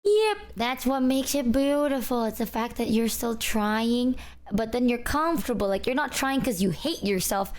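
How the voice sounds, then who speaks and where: A young woman streamer in casual chat, talking in a relaxed, low-energy voice. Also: normal speed.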